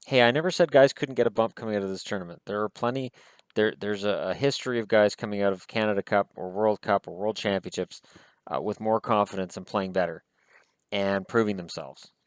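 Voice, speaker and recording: A man's voice: lowish voice, brisk, smooth, dry recording. A man giving casual solo hockey commentary in a rambling, wry way, with self-deprecating asides.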